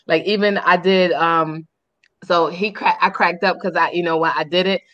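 A woman co-hosting a podcast, telling a dating story in casual chat, candid and animated with frank profanity. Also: fairly low pitch, normal speed, dull audio. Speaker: podcast co-host.

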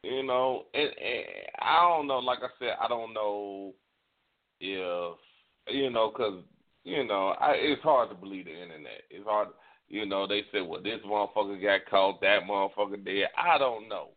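Middle-aged male radio host who curses in loud rants, thin phone-line audio. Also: fairly low pitch, normal speed. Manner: profane, heated ranting. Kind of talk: casual radio talk.

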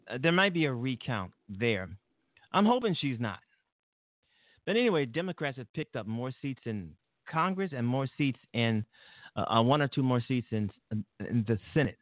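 A man's voice: mid-range voice, no room sound. Angry talk show host, man, profane and rambling; thin phone-line sound. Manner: heated, profane, rambling with restarts. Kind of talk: angry political commentary. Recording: tinny phone-like line, dry.

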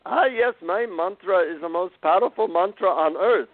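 Calm, teasing Indian guru, as a man puts him on; raised pitch, dry phone sound. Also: normal speed, dry recording, phone-quality sound. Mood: serene, instructive.

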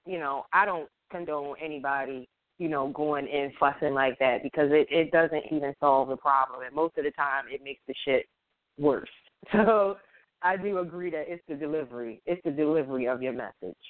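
A woman's voice: deep voice, moderate pace, no echo. A woman on a casual radio talk show who reasons things through in an easygoing way, with many fillers. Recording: dry, tinny phone-like sound.

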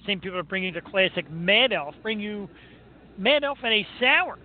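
Male radio host, high voice, casual and joking, tinny phone-like sound. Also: expressive, moderate pace, a little hiss or hum. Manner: joking, self-mocking.

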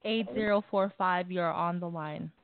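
A woman's voice: fairly low pitch, fairly even intonation, moderate pace, noisy background. A woman co-hosting a casual call-in radio show, easygoing and laughing along. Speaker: radio co-host. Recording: dry, phone-like lo-fi sound.

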